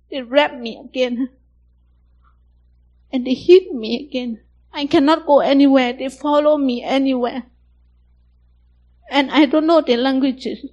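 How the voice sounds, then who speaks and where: A high-voiced woman tells her story slowly in plain, broken English, her phrases short and halting. She speaks softly throughout. The recording is dull and lo-fi. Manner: halting, simple broken English, soft-spoken. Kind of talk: personal testimony.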